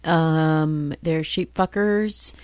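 A woman's voice: deep voice, drawn-out words, darkish tone, no room sound. An Australian woman with an Australian accent, co-hosting a casual chat, crude and teasing, laughing a lot.

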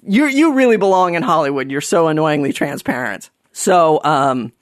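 A man telling a funny personal story in an animated, sarcastic way, dropping to mumbled asides and jumping up for mocking voices. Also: fairly high pitch, normal speed, no room sound, clean studio sound. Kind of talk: comedic personal anecdote.

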